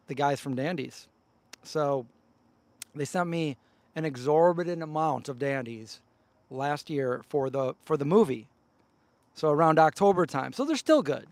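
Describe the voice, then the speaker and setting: A man's voice: medium pitch, vocal fry. Chatty man by a campfire. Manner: loose and chatty, breaks off to call his dogs. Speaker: livestream host. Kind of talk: casual rambling livestream chat. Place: outdoors by a campfire. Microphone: handheld news-style mic held close.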